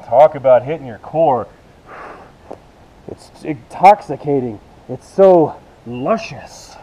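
Coaching a yoga workout video, a male instructor counts reps and cues moves while working out himself, short of breath. His mid-range, dark-toned voice is animated but slow, and the sound is lo-fi.

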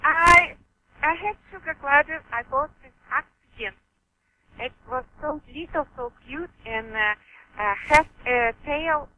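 A high-pitched woman with a Russian accent speaks slowly and haltingly, often pausing to search for words and laughing between phrases. She comes through a dull, muffled lo-fi line. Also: slight background noise. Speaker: author guest. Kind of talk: interview answers.

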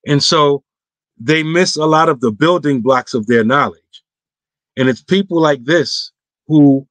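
A man's voice: a little high, a little slow, a bit bright, dry recording. A man, an imam, answering viewer questions on an online roundtable in a casual, emphatic way, his voice climbing when he stresses a point. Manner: casual, clipped everyday grammar.

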